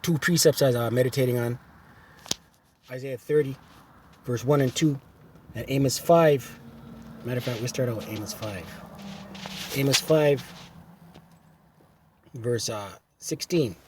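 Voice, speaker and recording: A man's voice: mid-range voice, a little slow, long pauses, darkish tone, slight background noise. A man teaching scripture in a sermon style, emphatic and repetitive, often asking "right?" between phrases. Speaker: teacher of a religious camp.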